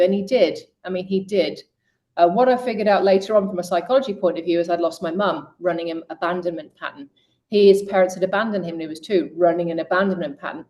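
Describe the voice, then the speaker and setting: Middle-aged woman, guest coach, animated storyteller, voices quotes higher, speaks directly to women. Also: fast. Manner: lively storyteller who voices quoted people with raised pitch; direct, addresses women listeners. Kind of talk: conversational storytelling interview.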